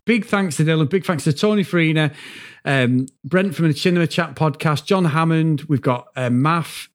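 Male podcast co-host, chatty, slightly higher voice, swears, laughs a lot. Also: moderate pace. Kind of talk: casual chat.

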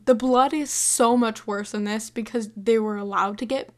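A woman of about eighteen chatting casually about a movie, scattered and excitable, rambling from thought to thought. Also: on the high side, normal speed. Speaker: movie reviewer. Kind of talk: casual chat.

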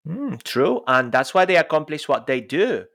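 A man with a somewhat high voice co-hosts a relaxed podcast conversation. He talks with eager emphasis and leans on rhetorical questions to drive his points. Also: normal speed, creaky. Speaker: podcast co-host.

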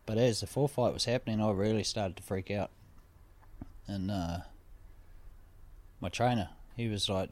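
A man's voice: fairly low pitch, moderate pace, long pauses, a little mellow. A man telling a personal story in a casual chat, vivid and repetitive, swearing freely. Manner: vivid, swearing, repeats phrases for effect.

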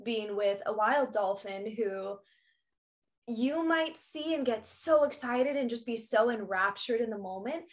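A young woman with a fairly high voice talks in a casual, upbeat way as a podcast co-host. She laughs often and tells her stories with easy energy. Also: animated, measured pace. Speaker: podcast co-host, former snorkel guide. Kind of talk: casual chat.

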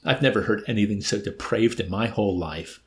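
A man's voice: fairly quick, close to an everyday voice. A man voicing an indignant, wheeling-dealing male mess officer who shrieks in outrage. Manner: shrill, outraged.

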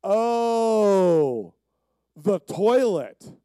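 Man voicing dainty shop owner lady, polite and puzzled, higher pitch, dry sound. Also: lively intonation, normal speed, mellow, dry recording. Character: prim middle-aged woman flower shop owner.

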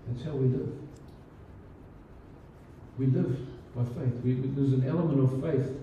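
A pastor preaches in an easygoing, chatty way, full of "you know" and small restarts. His voice is very dark and mellow. It is recorded from across an echoey hall, so the sound is roomy and a bit dull. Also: medium pitch, steady tone, unhurried, recorded from a distance, a little hiss or hum. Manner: conversational, many fillers and restarts. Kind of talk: sermon.

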